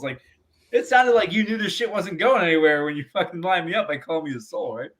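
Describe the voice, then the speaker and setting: A man's voice: on the high side, lively intonation, fast, fairly bright tone. A man, a comedian guest on a podcast interview, telling a long profane anecdote with frequent laughs.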